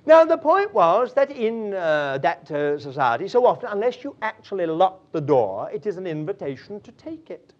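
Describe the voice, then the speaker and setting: A man's voice: sits high, sing-song, normal speed, hardly any pauses, a little mellow. A man preaching a sermon, drifting into chuckling anecdotes with many fillers. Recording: dull lo-fi recording.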